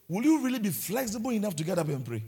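Male preacher, high raspy voice with gravelly fry, animated storytelling sermon delivery. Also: very fast.

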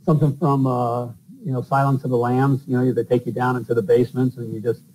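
A man's voice: medium pitch, flat delivery, fast, a little mellow, slight background noise, poor audio. A middle-aged man from the northern US, a plumber and podcast host, telling stories in a loose, rambling way with lots of fillers. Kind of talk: casual storytelling interview.

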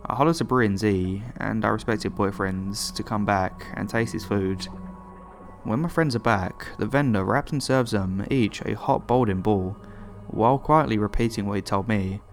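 Male horror narrator, lower pitch, even measured read. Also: faint music behind. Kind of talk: scripted horror story narration.

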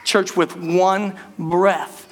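A man preaching a sermon to his church, animated and calling out to the congregation, rushing some phrases and drawing others out. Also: high-pitched. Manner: animated preaching, speeds up and slows down, calls out to the church. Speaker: pastor.

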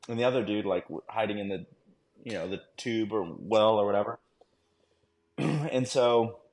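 A man's voice: fairly low pitch, measured pace, darkish tone. A man, a former army dog handler, telling a war story on a podcast in a casual, slangy way full of fillers and "right?". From United States.

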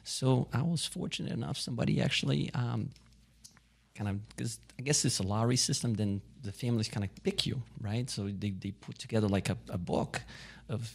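Brazilian man, gravelly, chatty podcast guest, acts out dialogue in his stories. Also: mid-range voice, fairly quick. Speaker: guest, racquet sports director. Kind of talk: casual podcast interview.

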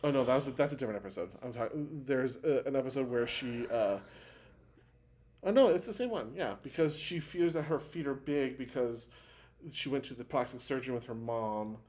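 A man's voice: mid-range voice, brisk, a little mellow. A man co-hosting a podcast, casually recapping a TV show in a rambling way with lots of fillers and restarts. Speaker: podcast co-host.

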